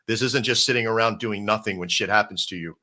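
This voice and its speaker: Bright-voiced man giving a rambling pep talk. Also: on the low side, fast. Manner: rambling, coach-like pep talk with frequent restarts; addresses viewers directly as folks and brother. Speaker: crypto stream host. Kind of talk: casual livestream talk.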